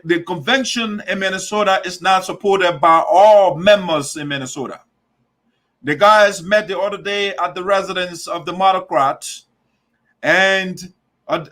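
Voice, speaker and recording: High, bright-voiced man giving emphatic commentary. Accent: Liberian English. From Liberia. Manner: emphatic, repetitive, restarts mid-phrase. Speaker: show host. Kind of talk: political commentary monologue.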